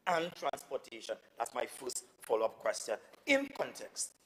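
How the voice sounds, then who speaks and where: A man's voice: mid-range voice, wildly swooping pitch, normal speed, a bit bright, long reverb tail, rough recording. A man with a Tobagonian accent, an assemblyman arguing emphatically and repeating himself in a parliamentary debate. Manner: indignant, emphatic, repetitive. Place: legislative assembly chamber.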